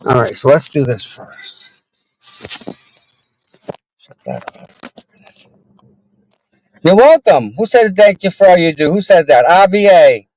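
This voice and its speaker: Here a streamer with a high, darkish-toned male voice talks to his viewers while driving, rambling and grumbling about other drivers. His pitch swings widely at a normal speed, and the recording quality is low.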